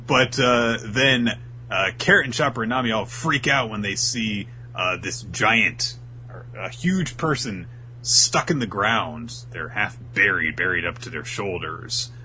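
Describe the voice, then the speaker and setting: A man's voice: on the low side, measured pace, bright, forceful tone, a little hiss or hum, poor audio. A man co-hosting a podcast, casually retelling an episode with a laid-back, filler-heavy manner. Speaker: podcast co-host recapping anime. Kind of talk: casual chat.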